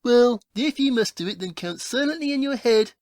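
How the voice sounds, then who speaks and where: A woman's voice: fairly high pitch, animated, normal speed, a little mellow, dry recording, clean studio sound, natural voice. A woman voicing a prim, haughty male detective in a comedy audio play, with a formal, fussy, scolding manner.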